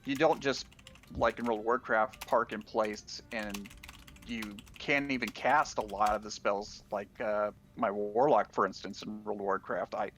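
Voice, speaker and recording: A man's voice: on the low side, fairly even intonation, a little slow, fairly bright tone, a little hiss or hum. A man co-hosting a gaming podcast, talking casually and rambling, with frequent restarts. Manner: rambling, restarts often, laughs while talking. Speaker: podcast co-host.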